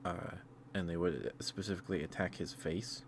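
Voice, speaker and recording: A man's voice: sits low, steady tone, normal speed, slight background noise. A young man chatting as an ASMR streamer, rambling with frequent laughs and restarts. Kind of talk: soft-spoken ASMR live stream chat.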